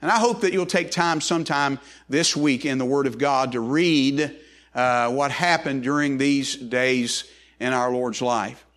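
A man's voice: mid-range voice, unhurried, fairly bright tone. A man preaching a sermon as pastor, folksy and loose, with frequent restarts and repeated words.

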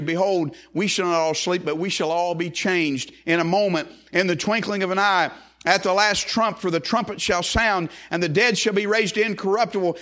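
A man preaching a sermon as pastor, swinging from quick, low asides to slow, high, emphatic rises on key phrases. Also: a bit bright.

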